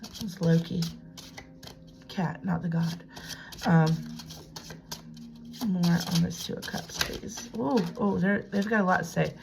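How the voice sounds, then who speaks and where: At home in a room with a piano desk, a woman gives a casual tarot reading, chatting to herself and slipping into hushed whispers. Her voice sits fairly low, and she speaks slowly with vocal fry and long pauses. The background is noisy.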